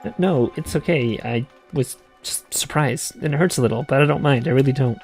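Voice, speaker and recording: A man's voice: medium pitch, brisk, a little mellow, faint music behind, close to an everyday voice. A man voicing a shy, earnest young woman guide in a visual novel, speaking hesitantly with stammers. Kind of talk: reading a visual novel aloud.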